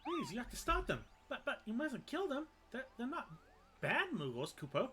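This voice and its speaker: A man voicing a small, fussy male moogle creature in a game cutscene, with a high, pleading voice and a cute verbal tic at the ends of lines. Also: wildly swooping pitch, normal speed, bright, forceful tone, heavily acted. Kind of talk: reading game cutscene dialogue aloud in voices.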